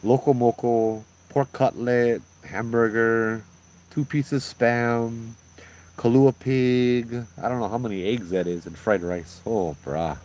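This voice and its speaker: A man's voice: medium pitch, takes it slowly. A middle-aged man from Hawaii with a Hawaiian Pidgin accent, hosting a casual chat and telling stories with lots of laughs. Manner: laid-back storytelling, animated quoted voices, laughs often. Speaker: podcast host.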